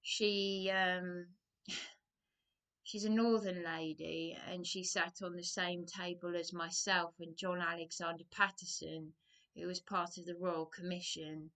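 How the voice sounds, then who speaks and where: Slow, bright-voiced woman rambling. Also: on the low side, little pitch movement. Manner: digressive, hesitant, sighing. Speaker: vlogger. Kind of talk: rambling personal monologue.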